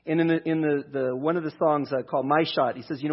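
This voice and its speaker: A pastor preaching a conversational sermon, talking through a scripture passage. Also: male voice, fairly high pitch, steady tone, fast, lo-fi sound. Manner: conversational, restarts, reads scripture aloud.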